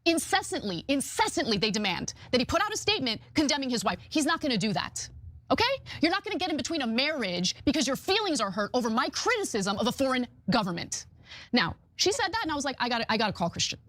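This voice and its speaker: A woman's voice: sits high, sing-song, quick pace, fairly bright tone, dry recording. A woman in a recorded video, telling her story in an emphatic, aggrieved way.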